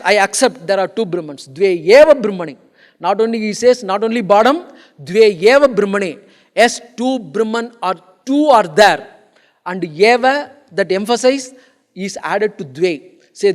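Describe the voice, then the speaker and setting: A man giving a conference lecture on philosophy, explaining and stressing points, often repeating and restarting his phrases. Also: sits high. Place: conference hall. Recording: long hall reverb.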